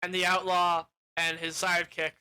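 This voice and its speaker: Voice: medium pitch, monotone, moderate pace, pushed and bright, clean tone, poor audio. A film reviewer giving a casual, rambling plot recap, often correcting themselves and swearing offhandedly.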